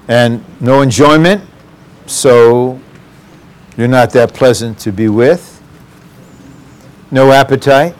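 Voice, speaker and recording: Slow, earnest male preacher. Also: medium pitch. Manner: slow, earnest, addressing the congregation directly. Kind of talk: sermon.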